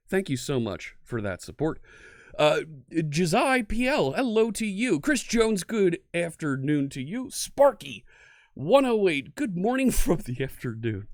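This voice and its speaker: Speaking at medium pitch in studio-quality audio with no room sound, this Philadelphia-area American runs a relaxed live-coding stream. He's chatty, says hello to viewers, and laughs readily as he talks with them.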